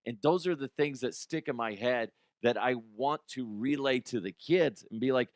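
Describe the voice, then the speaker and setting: A man's voice: mid-range voice, moderate pace, dry recording. A middle-aged man hosting a casual podcast monologue. He talks bluntly, swears freely and acts out quotes in a raised voice. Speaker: podcast host and youth coach.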